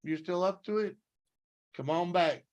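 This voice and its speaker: A man hosting a casual livestream, relaxed and greeting his viewers by name. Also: high-pitched, a little slow. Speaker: livestream host.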